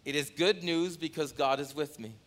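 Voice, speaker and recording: Bright-voiced preaching man. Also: on the high side, steady tone, moderate pace. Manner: impassioned preaching, swinging from loud to hushed. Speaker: pastor. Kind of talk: sermon. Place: church sanctuary.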